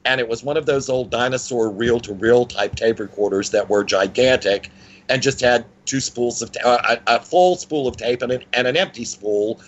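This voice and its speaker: A man telling a personal story as an interview guest, in a lively conversational way with frequent restarts. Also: moderate pace, lo-fi sound. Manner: animated, with frequent pitch swings and restarts.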